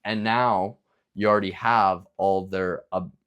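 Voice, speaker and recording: A man's voice: deep voice, fairly even intonation, a little slow, fairly bright tone, clean tone. A young man giving casual, rambling sales coaching, filled with likes and restarts, sometimes acting out both sides of a phone call. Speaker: business coach. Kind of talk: casual instructional talk.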